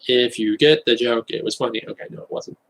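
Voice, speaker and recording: A Californian man chatting and joking with his live-stream audience, animated and quick to go off on rapid rants. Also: medium pitch, a little hiss or hum, low-quality recording. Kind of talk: casual live-stream chat.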